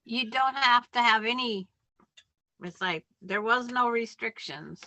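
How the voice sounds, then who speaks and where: A woman co-hosting a casual livestream, adding slow, unhurried remarks to the chat. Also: on the high side, bright, forceful tone. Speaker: livestream co-host.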